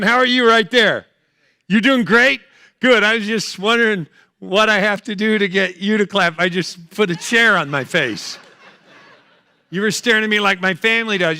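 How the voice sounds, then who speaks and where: A middle-aged man doing loud, teasing stand-up and crowd work on stage at a fundraiser. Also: high voice, moderate pace, clear, resonant tone, no echo. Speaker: comedian performing at a fundraiser. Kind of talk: stand-up comedy with audience banter. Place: event hall, live on stage.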